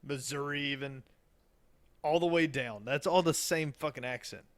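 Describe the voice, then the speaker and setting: A man's voice: a little high, normal speed, a bit bright. A man with a Southern American accent, co-hosting a casual podcast chat, crude and joking. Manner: crude, joking, slips into mock voices. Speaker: podcast co-host.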